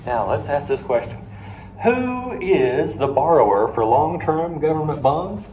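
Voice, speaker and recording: A man's voice: on the high side, sing-song, unhurried, warm tone. Man lecturing a class in a roomy hall. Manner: storytelling, asks the class questions, jokey asides. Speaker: finance lecturer. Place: classroom with a live audience. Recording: roomy classroom with faint noise.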